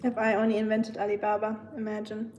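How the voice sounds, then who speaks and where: A woman's voice: mid-range voice, completely flat delivery, fast talker, darkish tone, reverberant, a little hiss or hum, low-quality recording. A young woman from southern Germany with a German accent, chatting casually with her live stream audience, laughing often and reacting to chat messages. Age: young adult.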